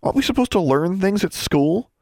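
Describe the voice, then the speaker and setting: A man's voice: mid-range voice, very animated, dry recording, clean studio sound, pitched above the performer's own voice, natural voice. Man voicing Alexandra, a defiant young witch. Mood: insistent. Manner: sharp, defiant, quick retorts.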